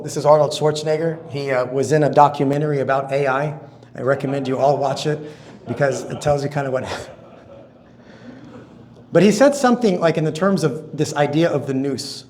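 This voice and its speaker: A man giving a spoken talk to a men's conference, telling stories with lively energy. He acts out quotes and reactions, swinging his pitch and loudness up and down, on a somewhat high voice. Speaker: conference speaker. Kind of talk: storytelling sermon talk.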